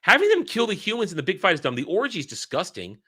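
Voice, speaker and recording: Guy ranting about a movie he hates, bright forceful voice, pitch bouncing all over, blunt and sweary. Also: wildly swooping pitch, fast talker, husky. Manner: blunt, exasperated, repeats himself for emphasis; swears freely. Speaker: film reviewer. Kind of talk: ranting film review.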